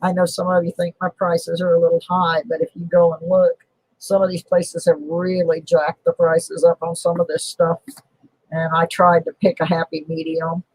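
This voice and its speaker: A woman's voice: on the low side, completely flat delivery, normal speed, a little mellow, slightly rough, dry recording, poor audio. A middle-aged woman hosting a casual coin collecting live stream, chatting in a rambling, self-deprecating, humorous way from her home. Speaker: host of a coin collecting show. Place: home on a mountain.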